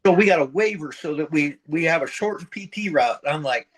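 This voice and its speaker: This older retired Marine from middle America has a fairly high, husky, expressive voice and speaks briskly. As an interview guest, he shares war and service stories bluntly and profanely in a casual way, acting out the lines he quotes.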